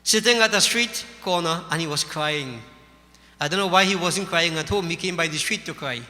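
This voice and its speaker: Caribbean English male preacher, high voice, long reverb in a hall. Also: moderate pace, sharp tone. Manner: folksy, emphatic, addresses listeners as devotees. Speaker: Hindu religious teacher. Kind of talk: sermon with storytelling.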